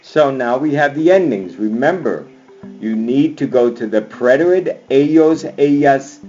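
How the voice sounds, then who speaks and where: A man's voice: medium pitch, expressive, measured pace, dark tone, highs cut off, soft background music. A male Spanish teacher giving a screen-recorded grammar lesson, upbeat and chanting verb endings like a cheer. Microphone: computer mic on screencast.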